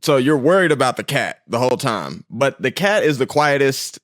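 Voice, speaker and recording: A man co-hosting a podcast in casual chat, making wry, deadpan quips. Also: medium pitch, normal speed, no echo, clean studio sound. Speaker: podcast co-host.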